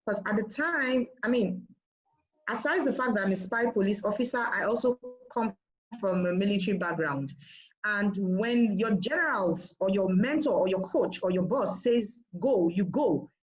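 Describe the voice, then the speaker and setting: Woman, storytelling talk, lively, mid pitch, dull lo-fi sound. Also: moderate pace. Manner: animated, quotes others in raised voice. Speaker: marketing director sharing her business story.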